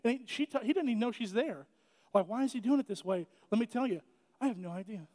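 A man's voice: very high-pitched, animated, fast, darkish tone. A man preaching a casual sermon in a church, chatty and joking, often restarting his sentences. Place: church sanctuary. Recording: echoey church hall.

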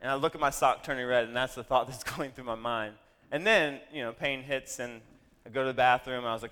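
Bright, crisp man telling a story. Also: mid-range voice, brisk, in a large hall. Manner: animated, self-deprecating asides. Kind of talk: storytelling to an audience.

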